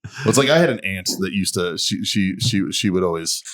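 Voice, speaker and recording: Rowdy laughing man, lively pitch. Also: a little fast. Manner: rowdy, laughs loudly, swears freely. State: drinking whiskey. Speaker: podcast co-host. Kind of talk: casual chat.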